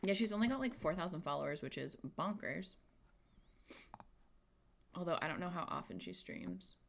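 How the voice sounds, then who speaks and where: A woman's voice: fairly low pitch, huge pitch swings, normal speed, gravelly. A young woman streamer chatting casually and giggling, talking to herself as she reads things out. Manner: chatty, giggly, talks to herself while reading. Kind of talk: casual chat.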